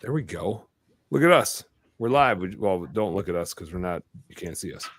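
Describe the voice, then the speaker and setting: A man hosting a live podcast in casual chat, rambling and excitable, dropping the odd swear word. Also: deep voice, moderate pace, no room sound. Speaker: podcast host.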